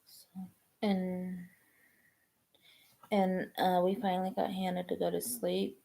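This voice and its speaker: A woman, chatting casually on a live stream, rambling and halting with many ums and restarts. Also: fairly low pitch, flat delivery, vocal fry, warm tone. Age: 20s.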